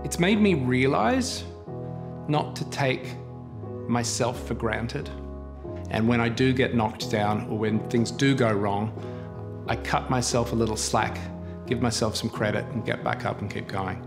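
Man in his forties, earnest interview testimony, mid pitch, music bed behind. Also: unhurried. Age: 40s. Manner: candid, earnest storytelling. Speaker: producer and HIV advocate.

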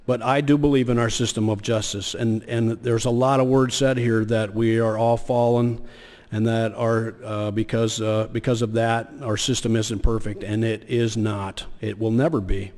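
A man's voice: on the low side, little pitch movement, a little mellow. Guy senator giving a floor speech, lots of uhs and restarts, long echo off the chamber. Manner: halting, many fillers and restarts. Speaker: state senator. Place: legislative chamber. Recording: long hall reverb.

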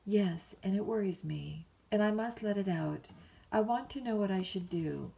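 A woman reading a bedtime story, voicing a willful, petulant young woman of twenty-two who pleads and flares up quickly. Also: mid-range voice, creaky, dark tone, close to an everyday voice.

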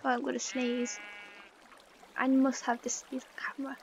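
A woman's voice: sits high, steady tone, fast talker, creaky, dull audio, slight background noise. A British woman chatting casually over gameplay, playful and rambling, with silly asides. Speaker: gaming vlogger.

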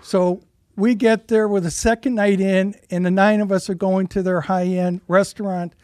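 A man telling a story in a lively, profane way as a podcast guest, recorded in a showroom. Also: high voice, moderate pace, no room sound, studio quality. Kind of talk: casual storytelling chat. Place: rug and carpet showroom.

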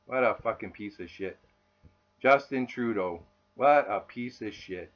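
A man's voice: fairly low pitch, unhurried, fairly bright tone. A man delivers an angry, profane rant to camera, swearing constantly in a raw, furious voice. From Canada. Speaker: vlogger. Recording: dull lo-fi recording.

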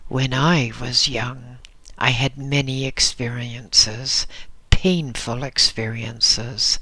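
A man voicing an ancient, blind male hermit, gentle and humble, with a dry, scarcely used voice and a measured, solemn, kindly way of speaking. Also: mid-range voice, level tone, no echo.

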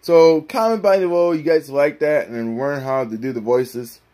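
A man's voice: on the high side, moderate pace, warm tone. A man talking casually to his viewers, rambling and pleading for likes and subscribers. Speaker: YouTuber. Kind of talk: casual vlog talk.

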